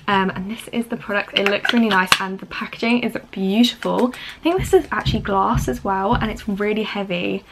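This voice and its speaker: A woman's voice: mid-range voice, background noise. A young woman, chatting casually in a beauty vlog at home, gushing with lots of fillers. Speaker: beauty vlogger. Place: home, indoors.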